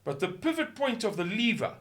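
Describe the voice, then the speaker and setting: A man from South Africa giving a monologue video commentary, impassioned and rhetorical, swinging from hushed tones to shouting and repeating words for emphasis. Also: high voice, big pitch swings, fairly quick, slight background noise.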